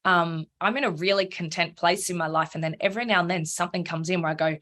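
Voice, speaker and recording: Woman guest, frank and lively, swears, somewhat low voice. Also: fast. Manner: frank, animated, swears freely, acts out her own inner voice. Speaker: podcast guest. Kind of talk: candid conversational interview.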